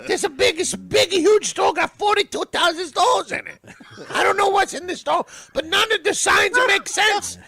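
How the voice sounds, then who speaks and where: A man voicing a loud, scolding old Italian woman with an Italian-American accent, calling everyone stupid. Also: normal speed, full character voice. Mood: bewildered. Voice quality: gravelly, shrill. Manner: bellowing, mocking everyone as stupid. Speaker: comedian co-host.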